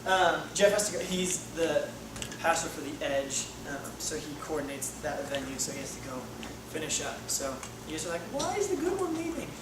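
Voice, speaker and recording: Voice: mid-range voice, steady tone, normal speed. A youth pastor taking over the sermon, talking casually with slang to recap a story. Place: church hall. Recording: echoey hall from far off, noisy.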